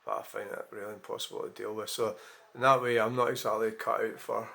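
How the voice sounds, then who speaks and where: Fast-paced and forceful, a man with a fairly low, creaky yet bright voice and little pitch movement delivers a casual vlog monologue. He rambles openly, curses freely, and restarts sentences often.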